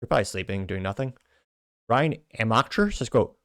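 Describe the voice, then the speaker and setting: A man's voice: medium pitch, animated, fairly quick, creaky, dry recording, clean studio sound. A man hosting a show, reading viewer comments aloud with wry asides in between. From United States. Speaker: show host.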